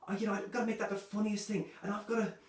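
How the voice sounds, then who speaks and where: A man performing a stand-up comedy set, delivering dark jokes in a loose, chatty way, filling his lines with "you know" and "right". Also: high voice, little pitch movement, very fast. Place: comedy club stage. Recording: echoey room, voice from a distance.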